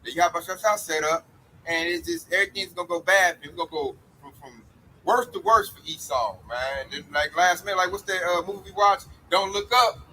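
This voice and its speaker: Emphatic high-voiced street preacher man. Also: brisk, bright, forceful tone, slight background noise, low-quality recording.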